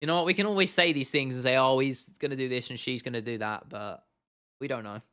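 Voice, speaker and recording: A man's voice: mid-range voice, fast, a bit bright, clean tone, dry recording, clean studio sound. A man hosting an MMA livestream, chatting casually and answering viewer comments in a rambling, sweary way. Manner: rambling, swears freely, lots of restarts and fillers.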